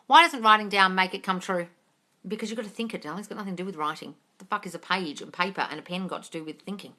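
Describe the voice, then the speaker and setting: A woman hosting a live manifesting Q&A over a phone, answering viewer comments bluntly, swearing freely and calling people darling. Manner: animated, swinging between loud emphasis and low asides.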